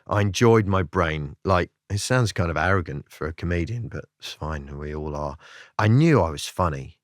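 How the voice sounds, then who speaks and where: A comedian being interviewed, talking in a reflective, self-deprecating way and breaking into laughter now and then. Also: male voice, deep voice, animated, normal speed, no room sound, clean studio sound. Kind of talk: candid interview chat.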